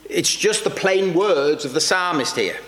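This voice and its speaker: A man preaching a sermon in an earnest, searching way, often halting and repeating words as he reaches for the next thought. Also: on the high side, animated, a bit bright. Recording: long reverb with faint background noise.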